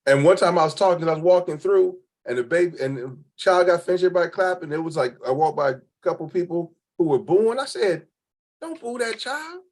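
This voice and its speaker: A man's voice: a little high, fast, hardly any pauses, a little mellow. A man from Cleveland, a spoken word poet, telling stories as an interview guest in a casual, colloquial way, acting out the voices of people he quotes. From Cleveland, Ohio.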